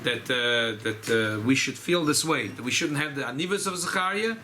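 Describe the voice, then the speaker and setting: A rabbi, speaking informally at a farbrengen gathering, often repeating and restarting phrases. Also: male voice, mid-range voice, lively intonation, moderate pace, pushed and bright, a little hiss or hum, low-quality recording. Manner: repetitive, restarts phrases, mixes Yiddish and Hebrew terms. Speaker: rabbi giving a farbrengen talk. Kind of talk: informal Chassidic talk at a gathering.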